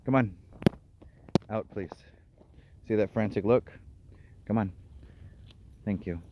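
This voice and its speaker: A man's voice: on the low side, takes it slowly, background noise. A man, a dog trainer, explaining his dogs' behavior and calling to them on an outdoor walk. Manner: calls out to dogs, explains their behavior. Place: outdoors on a trail. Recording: dull lo-fi outdoor recording.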